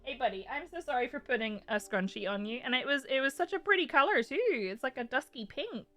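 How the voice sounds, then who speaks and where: Giggly, lively woman streamer. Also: sits high, fast talker, soft background music. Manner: giggly, animated, laughs often; coos in a soft baby voice to her pets. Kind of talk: casual live-stream chat.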